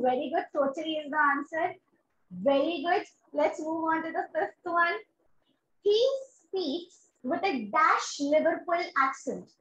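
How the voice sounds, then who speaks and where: Indian woman teaching English, high voice. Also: fairly bright tone. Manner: encouraging, repeats "very good" and "amazing". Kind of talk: online exam-prep class. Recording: roomy, dull lo-fi sound.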